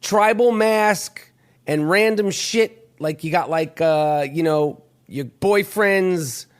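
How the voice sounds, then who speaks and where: A man hosting a podcast, ranting in a loud, mocking, profane comic style. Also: high-pitched, slow pace. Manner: loud, mocking, heavy cursing. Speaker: podcast host.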